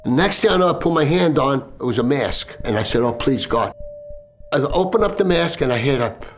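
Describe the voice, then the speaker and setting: A firefighter recalling events in an interview, telling the story vividly and with deep emotion. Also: male voice, expressive, fast, faint music behind. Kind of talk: recounting in an interview.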